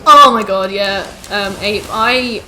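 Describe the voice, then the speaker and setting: A young English game streamer speaks at medium pitch with a sharp tone, chatting casually with her live-stream audience as she plays. She rants and swears, firing off quick asides to chat, over slight background noise.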